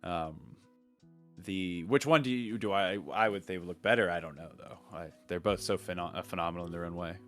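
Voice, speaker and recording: Young man, podcast co-host, low voice, rambling, restarts a lot, faint music behind. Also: fairly quick, fairly bright tone. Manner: rambling, many fillers and restarts. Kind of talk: casual film discussion.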